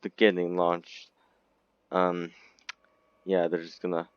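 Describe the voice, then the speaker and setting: Low-voiced man rambling over a game. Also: moderate pace, dry recording. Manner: rambling, giggly, sudden squeaky outbursts. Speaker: gaming video creator. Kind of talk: casual game commentary. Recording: dull lo-fi recording, dry.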